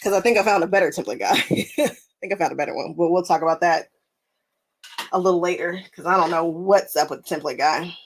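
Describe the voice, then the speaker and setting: A woman hosting a casual crafting live stream, chatting with viewers while she sews, animated and often laughing, repeating phrases for emphasis. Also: lowish voice, quick pace, a little hiss or hum, poor audio. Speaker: quilting live stream host. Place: home sewing room.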